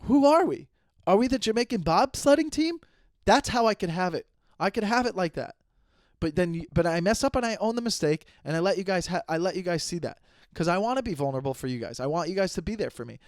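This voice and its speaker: A man's voice: high-pitched, expressive, fast talker, no room sound, studio quality. A man in his thirties hosting a solo comedy podcast, rambling and self-aware, making jokes and often restarting his sentences. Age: 30s. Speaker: podcast host.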